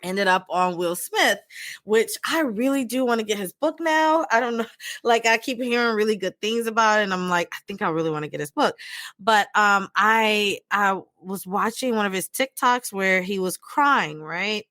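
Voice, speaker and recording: A woman's voice: mid-range voice, normal speed, sharp tone, no room sound, clean studio sound. A woman co-hosting a podcast as a mental health professional, chatting casually and animatedly, laughing often and acting out quotes. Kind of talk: casual chat.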